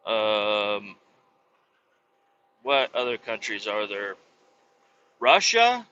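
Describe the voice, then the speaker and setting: A man hosting a podcast, rambling in a profane, meandering way with many pauses and restarts, on a dull lo-fi recording. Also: mid-range voice, lively intonation, pushed and bright, slight background noise. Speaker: podcast host and roadside tow operator. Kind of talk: casual rambling monologue.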